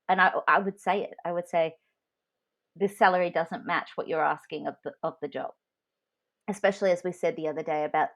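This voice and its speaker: A woman's voice: sits low, muffled recording. A woman co-hosting a podcast in casual chat, telling frank stories from her own work life. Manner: candid, frank storytelling. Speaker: podcast co-host.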